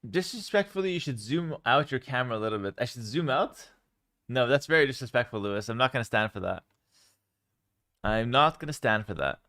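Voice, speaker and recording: Relaxed Canadian-raised man chatting to his stream. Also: medium pitch, fairly quick. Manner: relaxed, rambling, many ums and repeated words. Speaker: streamer answering chat. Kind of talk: casual livestream chat. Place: home.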